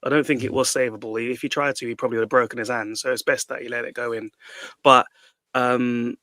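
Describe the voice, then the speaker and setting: A man's voice: mid-range voice, fairly even intonation, fast talker, pushed and bright, no room sound. A man on a football podcast, letting off steam in a long rant. He swears freely and restarts his sentences. His voice is dry and close, with no room sound. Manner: ranting, sweary, restarts a lot. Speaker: podcast panelist. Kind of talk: casual football debate.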